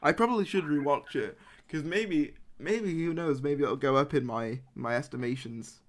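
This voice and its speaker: A man's voice: fairly high pitch, moderate pace. A man hosting a casual podcast chat, rambling with lots of fillers and laughs. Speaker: podcast host.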